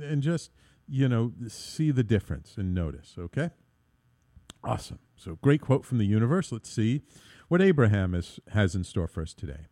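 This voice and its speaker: Low mellow-voiced guy hosting a talk radio show, rambly with lots of ums, dry studio mic. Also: no room sound. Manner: rambling, many fillers and restarts. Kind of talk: solo internet radio talk.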